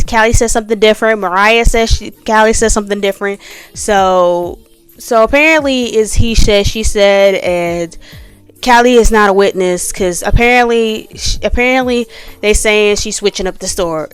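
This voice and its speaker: Chatty woman with smooth voice, faint music. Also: mid-range voice. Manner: chatty, repetitive fillers, mocking whiny imitations. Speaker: reality show commentator. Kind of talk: casual rating commentary.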